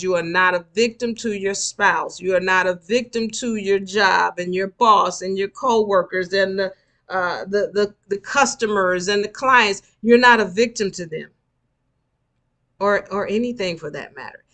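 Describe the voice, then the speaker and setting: Bright-voiced woman teaching emphatically. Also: mid-range voice, normal speed. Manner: emphatic, repeats key points. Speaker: spiritual teacher. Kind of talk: live online lecture.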